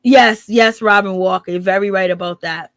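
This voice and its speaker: A woman's voice: mid-range voice, steady tone, moderate pace, dry recording. A woman hosting her channel, giving rambling, blunt and profane live gossip commentary. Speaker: channel host.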